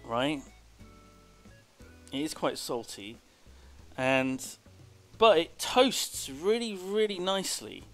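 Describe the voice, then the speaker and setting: A man rambles casually while streaming a game, drifting between chatty asides. His delivery is slow and unhurried, yet his pitch bounces around with lots of lively movement. Faint game music sits underneath. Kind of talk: casual gameplay commentary.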